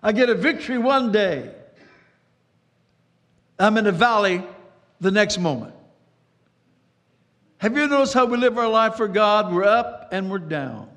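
A man delivers a sermon in a high, fervent voice, repeating himself and rushing then slowing. A long reverb trails every phrase in the hall. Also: lively intonation, fairly bright tone. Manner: dramatic preaching with repetitions and sudden pace changes. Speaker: pastor.

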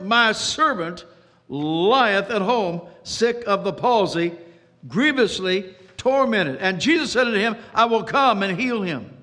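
High-voiced preacher in an echoing hall. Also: male voice, pushed and bright. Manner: dramatic preaching with repetitions and sudden pace changes. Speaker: pastor. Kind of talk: sermon.

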